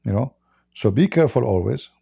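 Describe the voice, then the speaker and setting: A man hosting a livestream and telling a story in rapid, emphatic, non-native English. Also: medium pitch, lively intonation, vocal fry, mellow, breathy edge. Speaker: livestream host.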